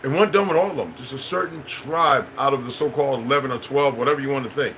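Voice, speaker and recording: Bright-voiced man rambling on a livestream. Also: medium pitch, fast, a little hiss or hum, rough recording. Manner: loose, meandering, repeats phrases, addresses viewers as y'all. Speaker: livestream host. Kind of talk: rambling livestream monologue, answering chat.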